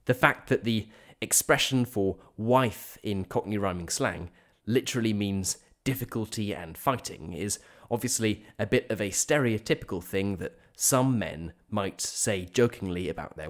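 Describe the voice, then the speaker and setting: A man with a fairly low voice teaches English in a scripted lesson. He speaks clearly and patiently, and he slows down whenever he gives an example. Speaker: podcast host teaching English. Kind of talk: scripted educational narration.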